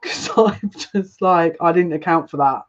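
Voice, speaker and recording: A woman's voice: lowish voice, a little slow. Chatty emotional woman on a dull-sounding stream. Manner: chatty and emotional, greets viewers by name, trails off and restarts. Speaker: psychic reader on a live stream. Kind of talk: live-streamed tarot reading, casual chat to viewers.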